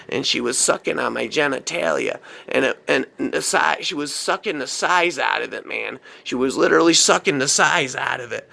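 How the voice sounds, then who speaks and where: A man's voice: a little high, creaky, pushed and bright. A man telling a first-person horror story in a rambling, repetitive way, often tacking on "man". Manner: repetitive, keeps adding "man".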